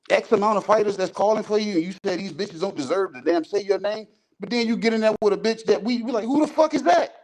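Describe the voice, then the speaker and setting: Heated, profane man arguing sports. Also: high-pitched. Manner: profane, animated, repeats himself. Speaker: podcast co-host.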